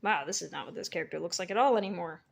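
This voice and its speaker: A woman's voice: lowish voice, rapid-fire, gravelly. A young woman casually talking through her sketchbook as an artist vlogger, chatty and giggly, rambling with lots of fillers. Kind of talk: casual sketchbook tour narration.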